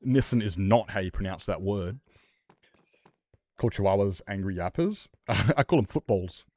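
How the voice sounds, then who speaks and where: A man's voice: fairly low pitch, expressive, normal speed, dark tone, no room sound. A man, casually chatting with viewers during a game stream, rambling and argumentative, swearing now and then. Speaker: livestreamer. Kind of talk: casual chat with viewers while gaming.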